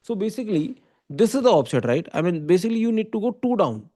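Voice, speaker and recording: Indian man teaching, mellow voice. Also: high-pitched, big pitch swings, quick pace. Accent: Indian English. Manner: explains step by step, often checking with "okay?" and "right?". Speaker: computer science teacher. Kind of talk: online lecture.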